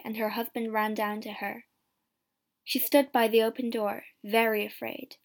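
A woman reading a story aloud as narrator, clear and measured. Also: a little high.

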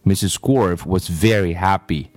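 A man's voice: deep voice, unhurried, a little mellow, no room sound. A man reading a children's story aloud, in a storyteller's reading manner.

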